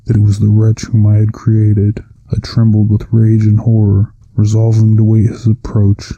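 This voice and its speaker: A man giving a measured, solemn first-person reading of a classic novel. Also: lowish voice, completely flat delivery, mellow, dry recording, dull audio. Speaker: audiobook narrator.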